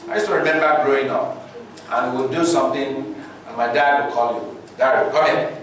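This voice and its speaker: A Nigerian man preaching a sermon, animated and dramatizing scripture stories, heard from afar in an echoing church hall. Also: mid-range voice, moderate pace, slight background noise. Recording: echoey hall from far off.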